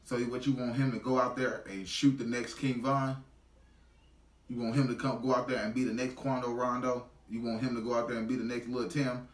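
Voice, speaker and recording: A man's voice: medium pitch, level tone, a little fast, echoey room, far from the mic. A man giving a heated, profane reaction commentary in blunt street slang.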